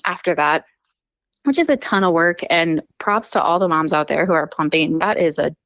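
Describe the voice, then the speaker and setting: Her voice is deep and her pace moderate, with no room sound at all. This woman in her thirties, a dentist guesting on a podcast, chats casually through a personal story, bringing others' words to life in animated acted-out quotes.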